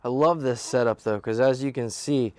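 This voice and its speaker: A man's voice: mid-range voice, normal speed, a little mellow, clear, resonant tone, no echo. A young man vlogging outdoors on rural land in a laid-back, slangy way while he builds, talking into a handheld camera. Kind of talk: casual vlog narration. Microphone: handheld camera mic.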